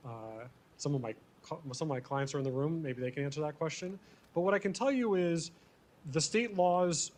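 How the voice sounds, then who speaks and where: Male conference presenter, slightly higher voice, easygoing and self-deprecating, lots of ums. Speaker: real estate attorney presenting survey results. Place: conference venue, speaking to an audience.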